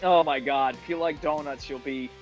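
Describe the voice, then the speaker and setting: A man's voice: mid-range voice, fairly even intonation, normal speed, lo-fi sound, loud music behind the voice. A man from Rhode Island, a podcast guest, chatting casually and rambling with easy laughs. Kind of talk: casual chat.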